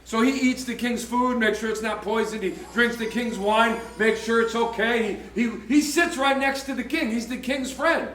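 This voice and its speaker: A male pastor delivers a sermon, retelling the story and slipping into the voices of its characters. His voice sits very high. He is heard from a distance in a roomy, echoing church hall. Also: moderate pace, hardly any pauses. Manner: animated storytelling, acting out biblical characters' voices. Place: church sanctuary.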